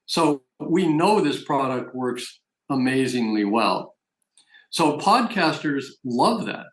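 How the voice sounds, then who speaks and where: A man's voice: medium pitch, animated, slow pace, roomy sound, poor audio. A man giving a persuasive, emphatic business opportunity presentation as a network marketing presenter. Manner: persuasive, emphatic sales talk.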